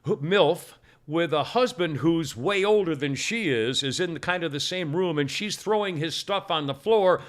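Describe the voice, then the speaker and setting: A man's voice: fairly high pitch, moderate pace. A middle-aged man hosting a podcast, telling stories in a rambling, self-interrupting way and laughing often. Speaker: podcast host. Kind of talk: casual rambling chat.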